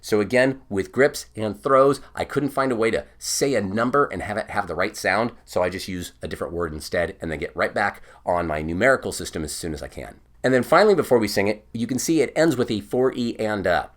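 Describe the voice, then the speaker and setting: A man's voice: lowish voice, expressive, a little fast, few pauses. A man giving an online bagpipe lesson, patiently explaining each step and singing counts aloud. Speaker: bagpipe teacher.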